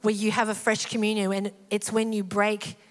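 A woman preaching a sermon in a church hall, animated and acting out the voices in the story. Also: mid-range voice, moderate pace. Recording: hall reverb with faint music.

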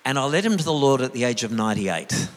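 An older man preaching a sermon as pastor, telling stories in a way that drops to a hush and builds to an emphatic rise. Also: medium pitch, lively intonation, fast, in a large hall, a little hiss or hum. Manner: emotive storytelling, swinging from hushed to rising emphatic.

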